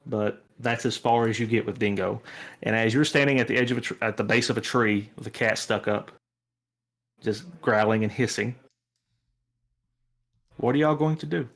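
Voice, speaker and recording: A man narrating a tabletop roleplaying game as game master, telling the scene in a relaxed way with frequent restarts. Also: fairly low pitch, normal speed, vocal fry, long pauses.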